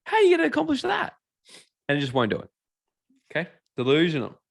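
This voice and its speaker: Guy giving a motivational money seminar, gravelly voice a bit on the high side, dry close sound. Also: fast, dry recording. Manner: animated, acts out characters and quizzes the audience. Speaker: seminar speaker.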